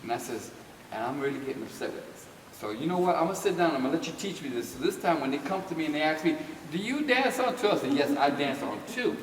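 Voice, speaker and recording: A man's voice: a little high, racing. Older man telling a story in an echoey hall. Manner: lively, acts out quoted voices, laughs often. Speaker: dance teacher telling a story. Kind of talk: storytelling talk to an audience. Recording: echoey hall from far off with noise.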